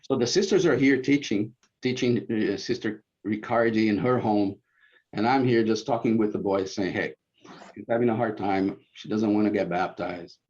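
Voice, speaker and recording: Animated man telling ward stories. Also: on the low side. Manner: animated storyteller, acts out quotes loudly. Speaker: former bishop sharing ward memories. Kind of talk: informal reminiscing talk. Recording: muffled lo-fi recording.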